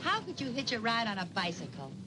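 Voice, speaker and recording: A brisk, practical woman in a 1950s TV sitcom. Her pitch moves in a lively way. The old TV audio carries a loud hiss.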